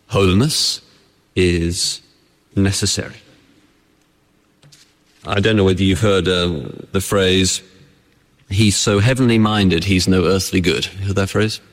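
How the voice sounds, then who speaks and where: A man with a lowish voice preaches a sermon in a church. His delivery is conversational, full of rhetorical questions to the congregation. A long hall reverb trails each phrase. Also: fairly bright tone. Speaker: pastor.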